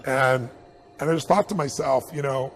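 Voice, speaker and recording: A middle-aged man telling a personal anecdote in an interview, animated and chuckling as he acts out the dialogue. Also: mid-range voice, normal speed, faint music behind. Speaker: interview guest.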